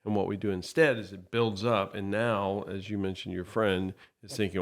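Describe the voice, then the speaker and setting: A man co-hosting a podcast, explaining his thoughts in a thoughtful, measured way. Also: lowish voice, steady tone. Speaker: podcast co-host. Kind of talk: reflective podcast conversation.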